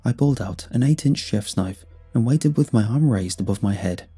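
A man narrating a first-person horror story in a measured, dramatic reading. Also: lively intonation, mellow, husky, soft background music. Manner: measured, dramatic reading with sudden pitch lifts.

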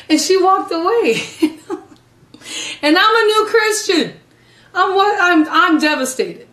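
A middle-aged woman evangelist with a high voice tells her testimony in a sermon, her delivery swinging between loud, dramatic stretches and soft, hushed ones. The sound carries a roomy echo. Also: big pitch swings, takes it slowly, pauses often, recorded from a distance. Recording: echoey room.

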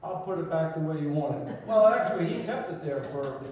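A man's voice: fairly high pitch, expressive, fairly quick, heavy background noise. A man giving a eulogy, telling an upbeat story about a friend and laughing through it. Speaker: eulogy speaker. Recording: echoey hall from far off.

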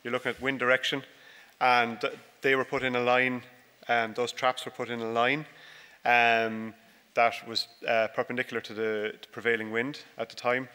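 A man delivers a relaxed, joking farming talk full of fillers and restarts. His voice is bright and crisp. Long hall reverb trails every phrase. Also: mid-range voice, normal speed. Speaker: conference speaker, dairy farmer. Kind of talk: conference talk with slides. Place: large conference hall.

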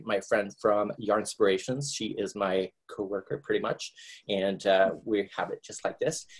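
A middle-aged man from Nova Scotia with a Canadian accent, hosting a live online crochet class from home in a jokey, rambling way. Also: breathy edge. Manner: jokey, rambling, breaks into squeaky put-on voices.

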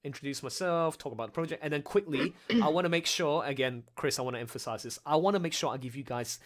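A man's voice: a little high, quick pace. A man hosting a live stream over a voice call, chatting casually and sounding mentally exhausted. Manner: chatty, animated, self-interrupting. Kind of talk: casual chat.

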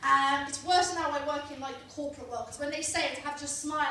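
A woman's voice: sits high, fast, bright, forceful tone, distant mic, slight background noise. A woman from England performing a stand-up comedy set, chatty and wry, teasing the crowd on a comedy club stage. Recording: echoey room, voice from afar.

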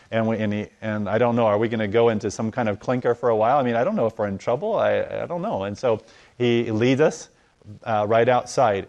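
A man telling a story in conversation, acting out the dialogue as his voice swings from loud to hushed. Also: on the low side. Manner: animated, acts out dialogue with voice rising and falling. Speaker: guest telling a testimony.

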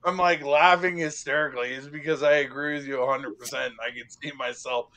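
A man's voice: medium pitch, fairly even intonation, brisk, a loud crowd. Man, interview host, casual chat, agreeable, laid-back. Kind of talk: casual conversation.

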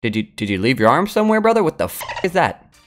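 A young man giving crude, excitable live commentary while he plays a video game, trash-talking and yelling at the screen. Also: a little high, fast talker, soft background music. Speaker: gaming streamer.

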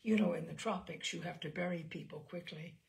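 A woman reading the part of a composed young widow who calmly tells of a killing. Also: on the low side, brisk, vocal fry. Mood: coolly recounting. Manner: matter-of-fact, unrepentant telling.

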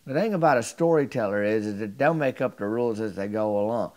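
A man's voice: on the low side, quick pace, hardly any pauses. Drawling storyteller man. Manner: drawling, deadpan, chatty. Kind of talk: folksy comedic storytelling to camera.

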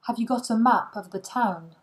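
A woman reading short English phrases one at a time for language learners, with pauses between them. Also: a little high.

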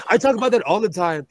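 A man's voice: sits high, dry recording. A man in his thirties chatting casually as co-host, rambling, joking at his own expense and laughing often. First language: English. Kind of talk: casual chat.

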